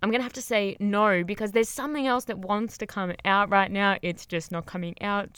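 It's a casual motivational podcast, led by a young woman who also teaches yoga. She rambles, stays upbeat, swears without hesitation and laughs often, crouched under blankets very close to the microphone. Her mid-range voice is a bit bright, clear and resonant at a moderate pace, with no room sound.

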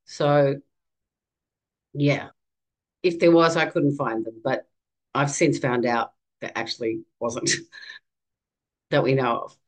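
An Australian woman in her fifties, a podcast guest telling her own story in a candid, animated conversational way. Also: a bass voice, slow, long pauses, low-quality recording. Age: 50s.

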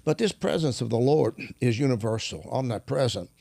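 A man who is a minister, telling stories in an animated, preaching style, often clearing his throat. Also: medium pitch, brisk, dry recording, clean studio sound. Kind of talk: storytelling preaching conversation.

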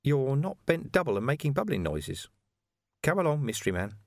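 A man reading a brisk, wry, street-wise woman, with barely any change from his own voice. The pitch moves in a lively way. It is read for an audiobook in a dry, close sound. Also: no room sound.

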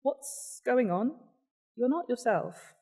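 A woman's voice: on the high side, animated, slow, dark tone, breathy edge, voice pushed up, heavily acted. A woman reading the lines of an anxious young woman pressing her friend for the truth, in an attempted Canadian accent and an urgent, probing manner.

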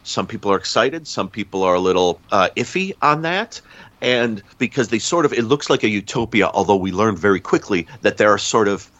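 A man's voice: fairly low pitch, expressive, fairly quick, a bit bright, no room sound, lo-fi sound. A man on a podcast giving a casual, rambling plot recap, often stopping to correct himself. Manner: rambling, self-correcting storyteller. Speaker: podcast panelist.

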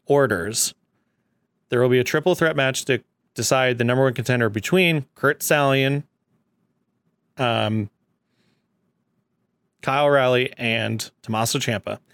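A man's voice: mid-range voice, fairly bright tone, no echo, studio quality. A man in casual chat, laying out a storyline step by step and acting out the lines he imagines. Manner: lays out scenarios step by step, acting out quotes. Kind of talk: casual wrestling fantasy-booking chat.

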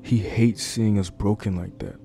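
A man's voice: on the low side, steady tone, normal speed, mellow, soft background music. A man preaching an informal sermon into a microphone, earnest and conversational, repeating key lines and using fillers. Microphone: desk microphone.

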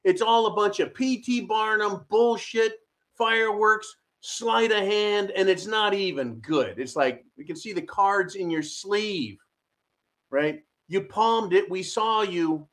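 Male host, fairly high voice, mocking and combative, ranting political commentary. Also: slow pace. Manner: sarcastic, mocking, shouty rants with audience asides.

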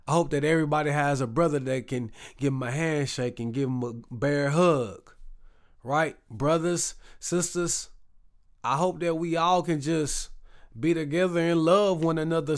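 Chatty Southern man hosting a podcast. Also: fairly high pitch. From Texas. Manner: chatty, repetitive, hype call-and-response phrasing. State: recovering from a rough voice. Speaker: podcast host. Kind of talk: casual solo podcast talk.

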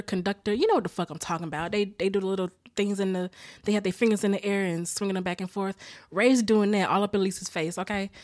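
A woman's voice: medium pitch, no echo, clean studio sound. A woman hosting a podcast, casually retelling a sitcom episode with lots of swearing and laughter, a little worn out. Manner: profane, laughs often, animated storytelling. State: tired after a rough weekend. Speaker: podcast host recapping a sitcom. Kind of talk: casual chat recap.

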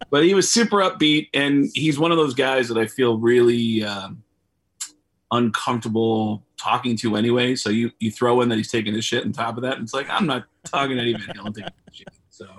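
A man's voice: medium pitch, fairly quick, breathy edge. A man, a comedian guest on a video call, telling rambling anecdotes and acting out the voices of people he quotes. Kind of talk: casual storytelling.

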